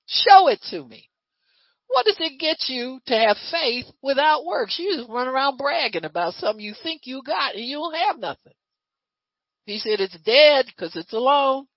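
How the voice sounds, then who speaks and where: Lively woman preaching. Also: high-pitched, normal speed, no echo, muffled recording. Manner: lively, conversational preaching with rhetorical questions. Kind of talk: sermon.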